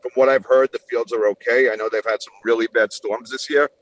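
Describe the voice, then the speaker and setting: A man, a guest in an interview, talking about his business in a confident, brisk way. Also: medium pitch, fairly even intonation, fairly bright tone, dry recording, poor audio. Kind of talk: casual interview chat.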